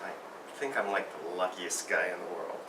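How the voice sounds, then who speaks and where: With a low-pitched voice at a moderate pace, a man tells a rambling, self-deprecating story about a close call on his bike. The mic is distant and the sound roomy, with faint noise.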